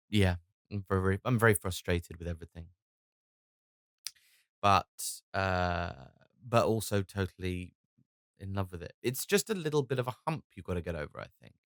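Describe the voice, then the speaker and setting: A man's voice: deep voice, lively intonation, moderate pace, pauses often, no room sound, studio quality. A tired man in his thirties hosting a solo comedy podcast, rambling with many restarts and casual swearing. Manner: swears casually, wry and self-mocking. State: tired from lack of sleep.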